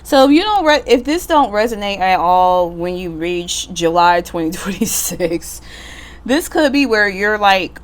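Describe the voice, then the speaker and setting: A woman with a smooth, clear voice sitting a little low in her range talks through a tarot spread in a loose, conversational way. She is blunt and swears freely, and she laughs easily as she goes. She is recording at home from her computer chair. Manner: chatty, blunt and profane, laughs often. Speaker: tarot reader. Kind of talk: casual pick-a-card tarot reading.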